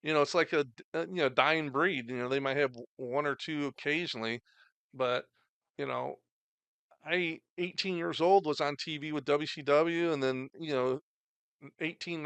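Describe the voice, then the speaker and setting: A middle-aged former wrestler, appearing as a podcast guest, rambles casually about his wrestling days with plenty of fillers. His voice is a little high, fairly bright, clear and resonant, with no room sound.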